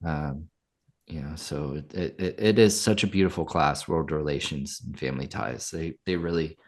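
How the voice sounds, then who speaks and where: Low-voiced, gentle male podcast host. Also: normal speed. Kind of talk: podcast conversation and show manifesto.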